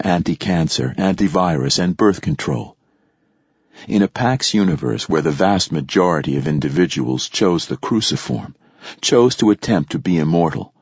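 A man narrating an audiobook in a measured, reflective storytelling manner. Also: rumbling low, husky, dry recording, muffled recording. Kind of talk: scripted narration.

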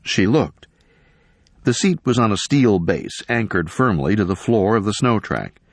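A man reading a story aloud in measured scripted narration. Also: lowish voice, expressive, slightly rough, dry recording. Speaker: audiobook narrator.

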